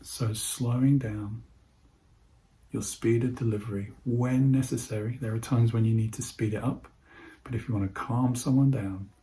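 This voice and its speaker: A man giving an instructional talk on voice techniques, speaking in a calm, measured way and slowing his speech with deliberate pauses. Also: mid-range voice. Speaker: presenter teaching voice techniques to healthcare staff.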